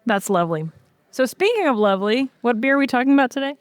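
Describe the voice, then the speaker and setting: A woman's voice: fairly high pitch, fast, no echo. Chatty woman telling stories, dry mic. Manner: lively storyteller with frequent "um"s. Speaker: podcast guest, brewery co-owner. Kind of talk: casual podcast chat.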